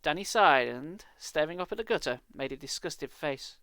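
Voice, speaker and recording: A man's voice: a little high, expressive, moderate pace, creaky, bright, forceful tone, no room sound. Sarcastic British man reading aloud. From Britain. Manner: dry, sarcastic asides. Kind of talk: live book reading with asides.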